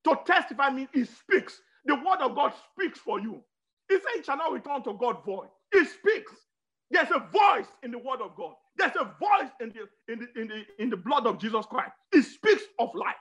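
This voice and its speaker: A preacher giving a sermon, repeating words and phrases emphatically, with sudden swings of pitch and loudness. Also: sing-song, normal speed.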